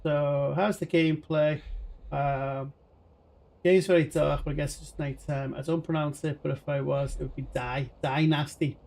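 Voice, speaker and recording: A man's voice: on the high side, steady tone, moderate pace, creaky, darkish tone. A man live-streaming a video game, rambling chattily and talking to his chat viewers. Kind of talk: live gaming stream commentary.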